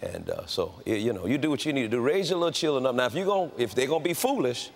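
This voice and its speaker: An older man preaching with folksy humor, moving from soft, low asides to loud shouted outbursts. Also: animated, fast talker, gravelly. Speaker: pastor. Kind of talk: sermon.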